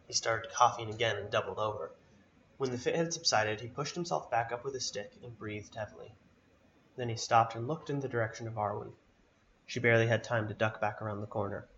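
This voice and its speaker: A man reading a fantasy story aloud in a steady, even narration. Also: medium pitch, fairly quick, lo-fi sound, slight background noise.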